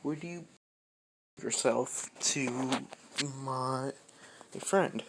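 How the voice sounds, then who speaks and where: Timid young boy hero from a fan story, plain and very slow, voiced by the narrator. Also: medium pitch, creaky, background noise. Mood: earnest.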